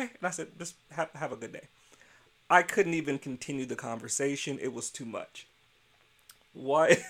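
A man with a gravelly, fry-edged voice at a medium pitch tells a story from his job as a childcare director. He talks casually and bluntly and acts out each side of the conversation. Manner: animated, acts out dialogue, blunt.

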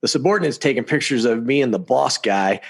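A man's voice: mid-range voice, fast talker, vocal fry, a crowd in the background. A man, a guest on a talk show, telling anecdotes casually and chuckling often. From United States. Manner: animated, laughs often while telling anecdotes. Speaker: podcast guest. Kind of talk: casual storytelling.

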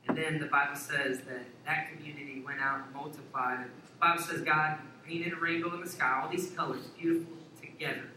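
Playful high-voiced preacher in an echoey hall. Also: male voice, noisy background. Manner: playful, joking and animated. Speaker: pastor. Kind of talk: sermon. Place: church sanctuary. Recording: echoey church hall from far off with congregation. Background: congregation.

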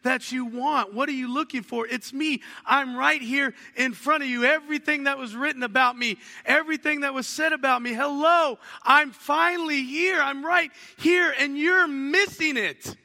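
A man's voice: very high-pitched, normal speed, vocal fry, hardly any pauses, sharp tone, long reverb tail, voice pushed up, full character voice. A preacher voicing a pleading man calling out to people who miss him, in a sermon, with urgent repeated questions.

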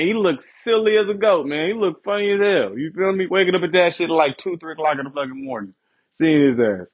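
Husky, rambling young man telling a story. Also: a little high, muffled recording. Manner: rambling, profane, laughs often, keeps asking "you feel me". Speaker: podcast host. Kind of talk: casual storytelling monologue.

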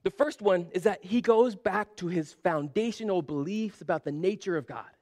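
A man preaching a sermon in a casual, animated storytelling way, often saying "like". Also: sits high, normal speed. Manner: conversational, animated retelling with frequent "like". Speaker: pastor.

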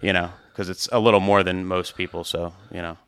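A man's voice: sits low, steady tone, fairly quick, a bit bright, clear, resonant tone, dry recording. A man hosting a podcast in casual, loose chat, swearing freely and filling with "like" and "you know.". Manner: loose and profane, lots of fillers. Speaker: podcast host.

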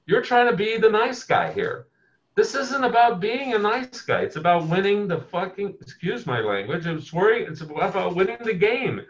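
A blunt, abrasive tech visionary, played by a man, pushes every point hard and swears without apology. His voice sits a little high, and the recording sounds muffled and lo-fi. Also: expressive, moderate pace. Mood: defiant. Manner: combative, emphatic, swears freely. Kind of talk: comedic impression interview. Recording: muffled lo-fi audio.

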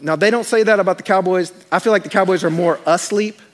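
A man's voice: sits high, quick pace, noisy background. A man preaching a sermon to a congregation in church, mixing scripture with funny personal stories and asides. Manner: storytelling with humor, animated asides to congregation. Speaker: pastor.

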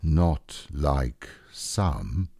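A mournful old donkey from a storybook, as a man reading aloud puts him on, drags out every word in a deep, sighing, low-spirited murmur. He sounds dark and heavy. He is close to the mic in a dry room. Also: animated, extremely slow, creaky, slightly rough, dry recording, heavily acted. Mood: gloomy.

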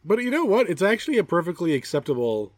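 Co-hosting a podcast outdoors at a backyard gathering, a middle-aged man chats casually and jokingly, often rambling and trailing off. His voice sits high and he talks fast and very animatedly, with no echo.

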